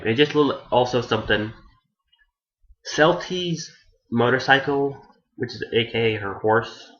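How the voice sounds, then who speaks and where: A man's voice: mid-range voice, fairly bright tone, highs cut off. A man giving a casual, rambling anime review who restarts his sentences often and swears offhandedly.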